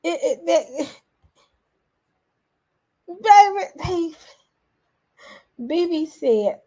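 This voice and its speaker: Animated woman reacting to news. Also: extremely high pitch, very slow, long pauses. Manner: animated, exclaiming, addresses viewers as y'all. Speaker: commentary vlogger. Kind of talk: reaction commentary.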